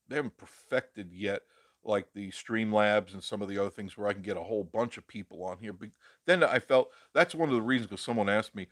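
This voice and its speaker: A man with a lowish voice hosts a relaxed live stream, reading out viewer comments and answering them in a chatty, meandering way. He laughs easily as he talks. The sound is dry and close, with no room echo. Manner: chatty, rambling, laughs often. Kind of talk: casual live-stream chat.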